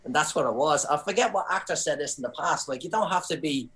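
Irish man telling animated stories. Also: a little high, quick pace, low-quality recording. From Ireland. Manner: storytelling, animated. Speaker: podcast guest, comedian. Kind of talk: casual chat.

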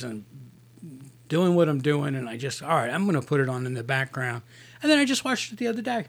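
A man with a gravelly, creaky voice pitched a little high chats on a movie review podcast. He rambles through his stories, breaking off and restarting, then lands on firm verdicts. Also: a bit bright. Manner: rambling, self-interrupting storyteller. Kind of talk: casual podcast chat.

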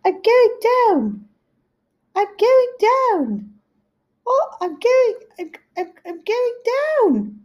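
A woman's voice: lowish voice, darkish tone. Chatty middle-aged woman telling stories. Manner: chatty, laughing asides, shifting pace. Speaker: podcast host. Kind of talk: casual storytelling.

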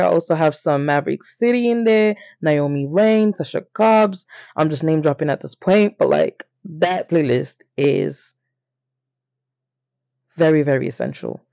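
A young man, casually telling a story on his podcast, animated and playful, jumping up in pitch for emphasis. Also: vocal fry, dry recording. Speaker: podcast host. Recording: dry, slightly dull lo-fi.

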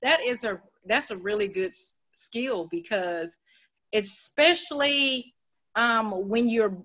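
A woman's voice: a little high, slow pace, fairly bright tone. A woman hosting a casual interview, speaking hesitantly with many fillers as she searches for words.

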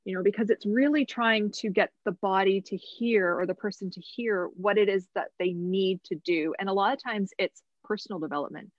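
A woman's voice: medium pitch, brisk, hardly any pauses, dry recording. Chatty laughing woman, lo-fi dry sound. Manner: chatty, laughs often, thinks aloud with restarts. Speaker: guest, massage therapist and medical intuitive. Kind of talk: casual podcast conversation.

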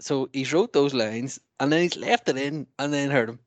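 Man, casual podcast chat, laughs a lot, animated, dry close mic, mid pitch. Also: moderate pace, no room sound. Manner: laughing, animated, reads quotes aloud mockingly. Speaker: podcast co-host.

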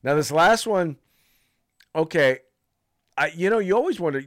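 A man's voice: on the high side, animated, normal speed, long pauses, no room sound, studio quality. A man co-hosting a casual political talk podcast, who laughs often and repeats himself. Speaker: podcast co-host.

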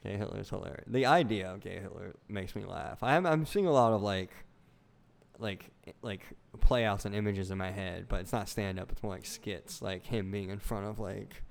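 A man's voice: on the low side, moderate pace, gravelly. A man co-hosting a casual comedy podcast, joking crudely and laughing often, recorded on a phone. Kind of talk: casual chat.

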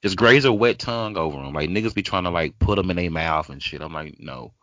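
A man's voice: low voice, brisk, a bit bright, no echo, highs cut off. A man co-hosting a podcast, talking bluntly in casual chat full of slang.

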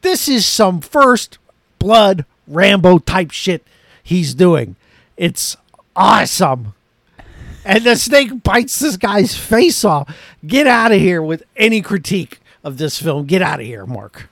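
A man co-hosting a casual movie podcast, tossing out mock-emphatic, sarcastic jokes. His somewhat high voice swings lively up and down. The sound is dry and close, with no room echo. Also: slow pace, creaky. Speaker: podcast co-host. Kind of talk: casual movie review chat.

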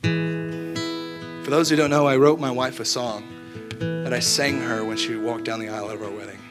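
A man's voice: medium pitch, steady tone, moderate pace. A man leading worship, talking earnestly between songs and building to urgent questions. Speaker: worship leader. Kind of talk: spoken exhortation over worship music. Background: soft guitar playing.

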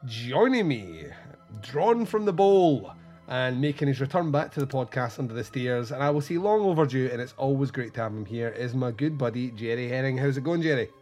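A man's voice: medium pitch, quick pace, few pauses, darkish tone, soft background music. A man hosting a podcast, chatting in an enthusiastic, easygoing way. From Scotland. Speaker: podcast host. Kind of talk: casual chat.

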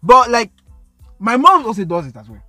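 A man's voice: very high-pitched, moderate pace, faint music behind. A man with a Nigerian accent, co-hosting a podcast in casual, slangy chat that slips into pidgin. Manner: animated, slangy, mixes in pidgin. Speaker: podcast co-host.

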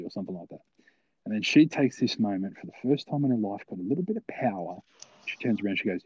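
A man's voice: on the low side, fast talker, dark tone, slightly rough, no room sound. A young man co-hosting a podcast, telling a story in casual chat, crude and often laughing. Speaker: podcast co-host. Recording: dry, slightly dull sound.

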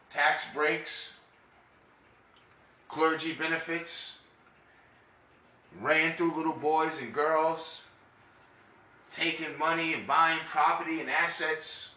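A man's voice: fairly high pitch, flat delivery, extremely slow, long pauses, bright, forceful tone, reverberant, a little hiss or hum. A man with a New York accent hosting a casual podcast monologue, brash, rambling and profane. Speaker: podcast host.

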